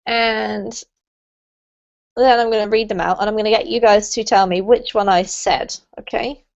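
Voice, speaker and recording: A woman's voice: mid-range voice, fairly even intonation, moderate pace, creaky, muffled recording. A woman with a British accent teaching English pronunciation to a small online class, encouraging and patient in her explanations. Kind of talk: online group lesson. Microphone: video call.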